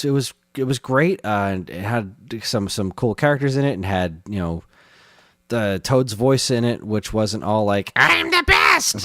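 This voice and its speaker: A man's voice: mid-range voice, no room sound, clean studio sound. A man co-hosting a gaming podcast in casual chat, enthusiastic and rambling, often laughing. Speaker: podcast co-host.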